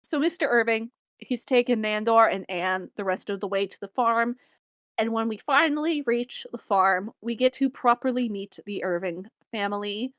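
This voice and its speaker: A woman's voice: on the high side, moderate pace, a bit bright, dry recording. A young woman co-hosting a podcast, casually recapping a film with wry asides and frequent laughter. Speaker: podcast co-host.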